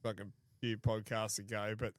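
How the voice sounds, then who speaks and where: A man's voice: lowish voice, little pitch movement, normal speed, dry recording, studio quality. A man in his forties, co-hosting a podcast in laid-back, crude casual chat, laughing often. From Australia. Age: 40s. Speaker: podcast co-host.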